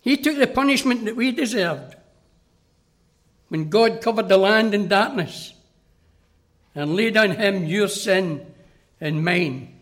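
A high-pitched man preaches a sermon. He is earnest and direct and speaks straight to the children listening. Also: animated, takes it slowly, long pauses, fairly bright tone.

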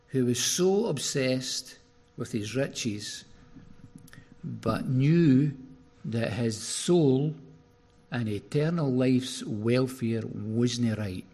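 A man preaching a sermon, retelling a story in an animated way with sudden rises in his voice. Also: mid-range voice, gravelly, husky.

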